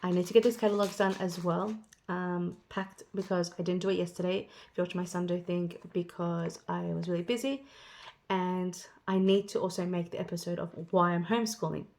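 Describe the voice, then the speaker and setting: Gravelly lowish woman rambling to her viewers, chatty and loose. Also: steady tone, fairly quick, darkish tone. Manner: rambling, chatty, acts out others' lines. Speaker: vlogger. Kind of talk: casual chat.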